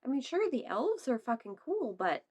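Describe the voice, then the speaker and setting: A woman's voice: sits high, sing-song, moderate pace, darkish tone, husky. A young woman vlogging casually, laughing often, swearing and putting on playful silly voices. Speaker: vlogger reacting to memes. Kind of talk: casual chat.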